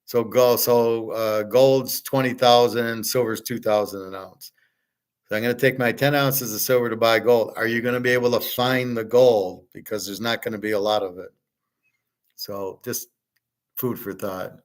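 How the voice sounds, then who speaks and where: A man's voice: mid-range voice, fairly even intonation, normal speed. A man hosting a casual livestream, answering viewers' chat questions in a blunt, opinionated, rambling way.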